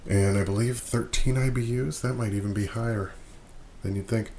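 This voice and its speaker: A man with a very low, deep voice hosts a casual podcast. He rambles through his points with plenty of fillers and pokes fun at himself. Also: steady tone, moderate pace, mellow, slight background noise. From Michigan. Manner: rambling, self-deprecating, frequent fillers. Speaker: podcast host.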